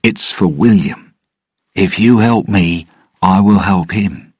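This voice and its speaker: A sly, jittery pirate captain who puts on a bright, cheerful front, as a low-voiced man lifts his voice for him. He speaks up louder and higher than the telling around him, half-cheery and half-scheming. The reading is close and dry. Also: husky, dry recording, exaggerated voice. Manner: quick, cheerful, trying to sound happy.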